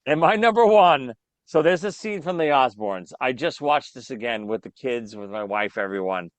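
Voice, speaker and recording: A man's voice: medium pitch, normal speed, no echo. A man hosting a podcast in casual chat, telling stories with lots of energy. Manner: animated storyteller, acts out quoted voices. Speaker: podcast host.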